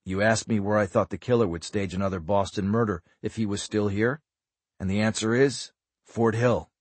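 A man voicing a guarded government agent, low, quiet and measured. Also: fairly even intonation, dry recording, natural voice. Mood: guarded calm.

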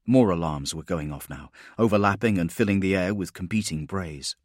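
Low-voiced man narrating an audiobook. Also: no room sound, studio quality. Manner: steady, measured storytelling. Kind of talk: scripted narration.

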